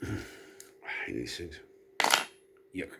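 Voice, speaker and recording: In a very noisy recording, a middle-aged vlogger speaks slowly. He's tipsy from drinking and rambles on casually, chatting away and putting himself down.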